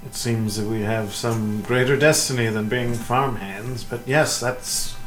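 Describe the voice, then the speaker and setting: A man's voice: medium pitch, steady tone, unhurried, a bit bright, roomy sound, faint music behind, rough recording. A man playing a tabletop game in character, easygoing and polite. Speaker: player.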